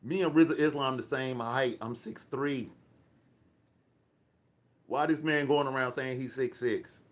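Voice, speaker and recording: A man rants on a live stream, firing back at chat comments. He talks in brash, profane, boastful trash talk. His voice sits at an ordinary middle pitch for a man. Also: measured pace. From Atlanta, USA. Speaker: livestream host.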